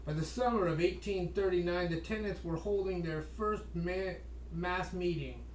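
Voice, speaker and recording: High-voiced man reading history in an echoey room. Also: a little hiss or hum. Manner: measured reading, slows for emphasis, adds wry asides. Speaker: podcast host reading history aloud. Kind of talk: reading a history book aloud with asides. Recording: echoey room, voice distant from mic.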